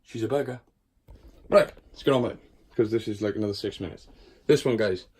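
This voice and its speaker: Talking fairly quickly in a low, darkish voice with a breathy edge, this tarantula keeper gives a relaxed tour of his spiders at home in his bedroom. He swears, chats away, and alternately coaxes and scolds them.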